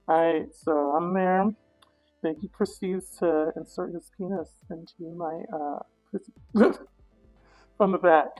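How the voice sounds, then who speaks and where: A woman telling a wild story in casual talk, animated and full of swearing, acting out her own reactions with sudden high, loud bursts. The audio is dull and lo-fi, with faint music underneath. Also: unhurried. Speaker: interview guest.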